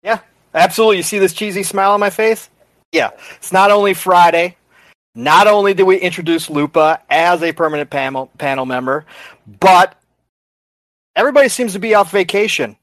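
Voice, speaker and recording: An upbeat man speaking as a podcast panelist, his voice slightly high for a man. The sound is dry and close, with no room around it. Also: fairly quick, a bit bright, dry recording. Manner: upbeat and enthusiastic. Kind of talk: casual podcast chat.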